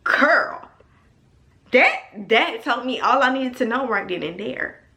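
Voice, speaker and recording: Mujer animada contando una historia, voz brillante. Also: female voice, on the high side, normal speed. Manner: animated and emphatic, addresses viewers as y'all. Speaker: storytelling vlogger. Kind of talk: casual storytime vlog.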